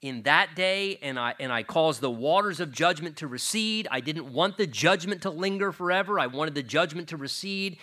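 An older man preaching a sermon with a bright, forceful voice that sits a little high for a man. He is earnest and emphatic, and his volume rises and falls on key words.

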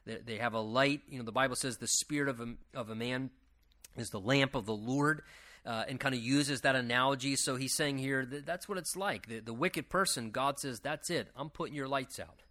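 A man teaching a Bible passage verse by verse, reading scripture slowly and then explaining it in loose, conversational asides. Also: medium pitch, bright, forceful tone.

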